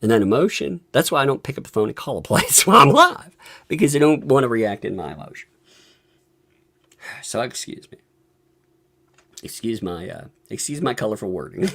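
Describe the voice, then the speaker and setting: A man's voice: mid-range voice, sing-song, moderate pace, pauses often, a bit bright. A man giving live reaction commentary, ranting with exasperation, swearing a lot and breaking into laughter often.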